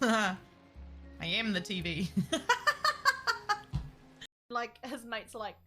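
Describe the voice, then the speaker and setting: A young woman streaming a building game, chatting casually with viewers, giggly and excitable and reacting loudly to surprises. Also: on the high side, a little slow, pauses often. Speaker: Minecraft streamer. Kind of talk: casual live-stream chat. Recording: faint music under the voice.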